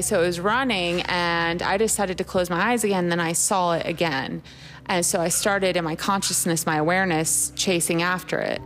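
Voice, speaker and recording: Low-voiced young woman rambling casually. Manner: rambling, full of "like" fillers, swears freely. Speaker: podcast co-host. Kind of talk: casual storytelling chat.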